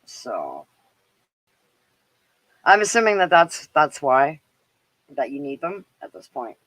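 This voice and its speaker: A woman's voice: deep voice, big pitch swings, slow pace, a bit bright, no echo, poor audio. A middle-aged Canadian woman with a Canadian accent hosting a live stream, chatting casually and rambling with lots of fillers and laughs. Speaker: livestream show host.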